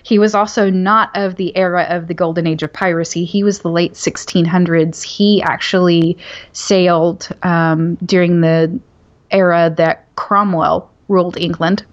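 Woman author, low voice, dull audio. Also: fairly even intonation, measured pace. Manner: enthusiastic, detailed explaining with many ums. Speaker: author guest. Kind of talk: podcast interview.

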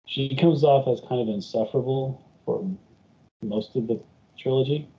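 A man's voice: medium pitch, moderate pace, warm tone. A man co-hosting a casual chat, giving emphatic opinions with stumbling restarts. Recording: dull lo-fi sound.

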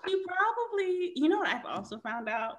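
A woman's voice: very high-pitched, normal speed. A woman in casual chat as a podcast co-host, swearing freely, laughing often and telling stories with emphasis. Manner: storytelling, lively and emphatic.

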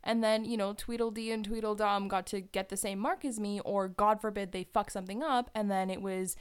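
A young woman co-hosting a podcast in casual chat, blunt and quick to swear. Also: mid-range voice, steady tone, clear, resonant tone. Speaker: podcast co-host.

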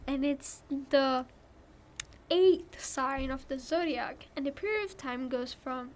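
Slow-talking high-voiced young woman. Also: slight background noise. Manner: giggly, loses her place while reading lists. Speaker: podcast co-host. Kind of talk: casual chat.

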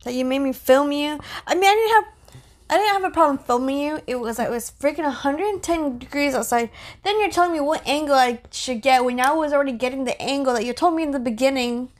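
A woman's voice: high voice, fast talker. A woman co-hosting a podcast in casual chat, teasing and frank. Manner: teasing, frank, laughs easily. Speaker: podcast co-host.

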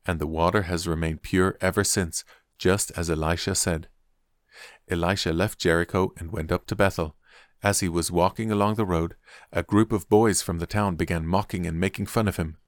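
A man with a very low, deep voice reads scripture aloud in a measured, deliberate storytelling manner. The recording is close and dry, with no room sound. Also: steady tone, dry recording. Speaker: Bible reader.

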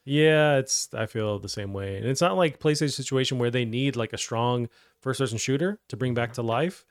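A man's voice: mid-range voice, moderate pace, no room sound, clean studio sound. A man hosting a gaming news show, talking in a loose, rambling way with many fillers. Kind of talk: casual gaming news chat.

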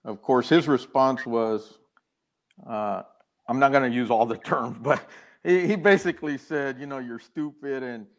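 A mid-range voice, a little slow, belongs to an older man being interviewed. Earnest throughout, he tells a personal story with many restarts and quoted lines that he acts out.

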